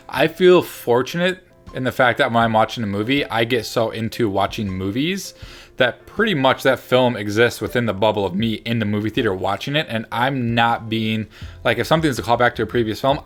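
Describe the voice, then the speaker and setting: Guy co-hosting a movie review, excited and rambly, keeps restarting, bit of music behind. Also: medium pitch, moderate pace. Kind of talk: casual chat.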